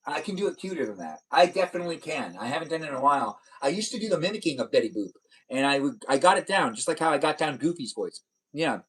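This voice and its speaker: A man's voice: a little high, lively intonation, quick pace, a bit bright, low-quality recording. A man live streaming, chatting casually and reading out viewer comments in a rambling, repetitive way.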